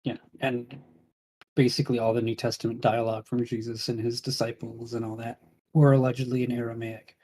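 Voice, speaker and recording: A man's voice: medium pitch, little pitch movement, fairly quick, dark tone, breathy edge, poor audio. A man chatting casually as co-host, throwing in sarcastic, dry quips. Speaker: podcast co-host. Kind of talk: casual chat.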